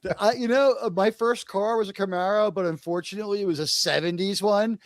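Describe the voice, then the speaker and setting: A man in his fifties hosting a casual live stream, excitable and rambling as he greets viewers one by one. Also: high voice, a little fast, no room sound.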